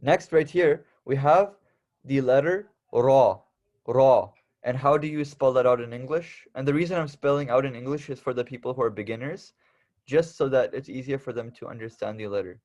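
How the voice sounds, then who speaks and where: A man's voice: mid-range voice, fairly quick, darkish tone, highs cut off. Young male teacher, casual lesson delivery, drills each sound patiently. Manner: patient, repeats and stresses each letter sound. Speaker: Arabic alphabet teacher.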